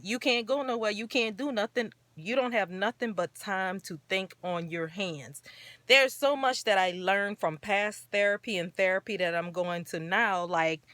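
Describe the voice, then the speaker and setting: With a mid-range, fairly bright voice and no room sound, a woman hosts her own talk show. She's an adult parent who rambles casually while sounding earnest and encouraging.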